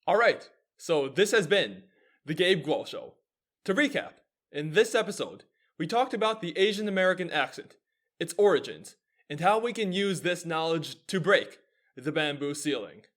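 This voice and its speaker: A man's voice: on the high side, animated, normal speed, fairly bright tone. Earnest young man hosting an explainer. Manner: poses rhetorical questions and answers them. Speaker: show host. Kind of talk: scripted explanatory monologue.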